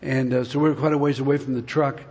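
In a church sanctuary, a man in his seventies gives a folksy, meandering testimony to the congregation. His mid-range voice is level, quick and a little mellow with a breathy edge, carried by the long reverb of a large hall.

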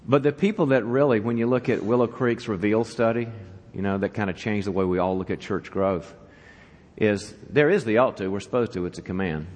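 A man's voice: on the low side, brisk, in a large hall. A man giving a talk to church leaders, telling a joke and asking the audience questions. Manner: animated storyteller, asks the audience questions. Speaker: guest speaker at a church leadership event. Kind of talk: conference talk opening with a joke.

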